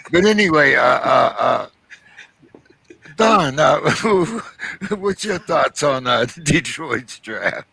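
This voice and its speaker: A man hosting casual sports podcast chat, teasing his guests, with a gravelly, husky voice and many halting fillers. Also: mid-range voice, sing-song, bright, forceful tone, slight background noise. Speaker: sports show host.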